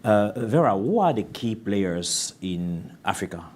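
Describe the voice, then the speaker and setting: A man's voice: lowish voice, very animated, unhurried, darkish tone. A man moderating a panel discussion, giving brief, affirming transitions between speakers.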